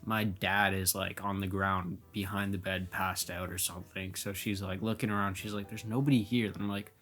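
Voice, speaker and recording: Young man, low voice, casual storytelling. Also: moderate pace, faint music behind. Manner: animated, heavy use of "like", acts out his own reactions. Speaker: vlogger telling personal stories.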